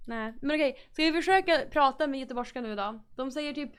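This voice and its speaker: A high-pitched young woman with a northern Swedish accent, talking loosely to her viewers as a streamer. She repeats words and restarts sentences as she goes, and she slips between English and Swedish. The chat is relaxed and unscripted. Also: fast. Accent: northern Swedish (Norrbotten). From Norrbotten, northern Sweden.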